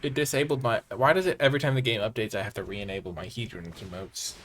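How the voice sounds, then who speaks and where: A man's voice: fairly low pitch, fast talker, fairly bright tone, a little hiss or hum. Man thinking aloud over gameplay. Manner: thinks aloud, reacting to each play with groans and exclamations. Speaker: host. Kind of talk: live gameplay commentary.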